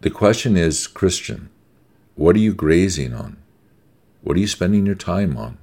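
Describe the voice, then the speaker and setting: A man's voice: low-pitched, expressive, moderate pace, a little mellow, breathy edge. A middle-aged American man preaching a sermon, conversational and emphatic, repeating key words for stress.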